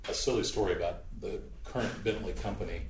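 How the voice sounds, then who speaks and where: A man's voice: deep voice, quick pace. A man interviewing a writer in a chatty way, adding wry side remarks. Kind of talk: conversational interview. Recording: echoey, distant, noisy room.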